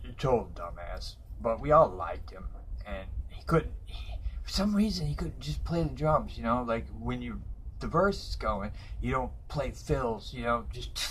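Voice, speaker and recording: A man's voice: medium pitch, a bit bright, a little hiss or hum, rough recording. A man, telling stories casually to his viewers, rambling with lots of fillers and chuckling mid-sentence. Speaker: vlogger. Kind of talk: casual storytelling.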